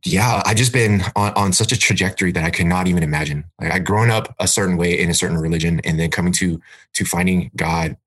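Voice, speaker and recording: Deep husky man, enthusiastic guest. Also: fast, fairly bright tone. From California. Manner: enthusiastic, hype. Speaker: podcast guest, minister. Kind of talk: casual testimony.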